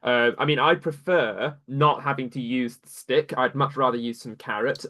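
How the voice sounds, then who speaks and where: A man's voice: mid-range voice, steady tone, moderate pace, few pauses, sharp tone. A man appearing as a guest on a casual live stream, talking in a dry, wry and articulate way.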